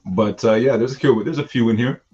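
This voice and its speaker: A man's voice: mid-range voice, brisk, a little mellow, husky, dull audio. A man co-hosting a casual livestream, laid-back and laughing often. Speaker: livestream co-host. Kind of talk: casual chat.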